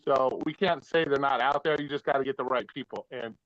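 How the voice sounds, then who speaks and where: A man's voice: mid-range voice, fairly quick, crowd noise. A man hosting a livestream talk show, cursing freely and repeating himself before landing a point. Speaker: livestream host. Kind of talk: heated casual debate. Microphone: video call. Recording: dry, muffled lo-fi call audio.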